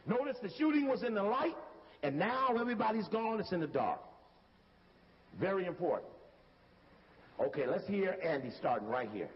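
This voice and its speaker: A man's voice: high voice, animated, moderate pace, pauses often, big-room sound, lo-fi sound, slight background noise. A man giving casual, emphatic commentary over video footage and calling out cues to stop and rewind it. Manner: emphatic, talks straight to the listener and calls out cues to stop and rewind.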